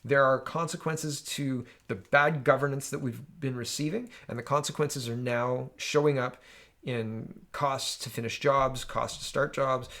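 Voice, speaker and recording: A man hosting casual political commentary, sarcastic and animated, often tossing in "right?" asides, recorded at home on a desk mic. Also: mid-range voice, a little slow. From Canada.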